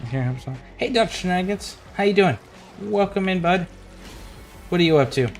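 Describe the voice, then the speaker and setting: A man's voice: high voice, lively intonation, a little fast, soft background music. A man streaming a video game, chatting casually with viewers and ranting with plenty of swearing. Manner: profane, ranting, jokey. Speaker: livestream gamer. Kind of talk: casual gaming livestream chat.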